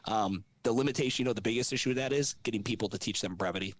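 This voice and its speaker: A man's voice: on the low side, very fast. A man working as a gym business consultant, talking brashly and casually with plenty of swearing on a podcast. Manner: brash, profane, animated.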